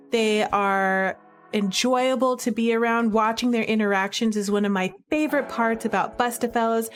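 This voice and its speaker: A woman chatting casually as a game reviewer, gushing and giggly with lots of fillers. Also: mid-range voice. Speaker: video creator reviewing games. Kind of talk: enthusiastic casual commentary.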